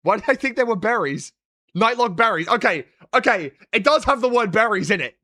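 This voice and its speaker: A young British man chatting casually on a live stream, joking and sarcastic, with quick swings in energy. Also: high voice, animated, pushed and bright, dry recording, studio quality. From Britain. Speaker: streamer and analyst.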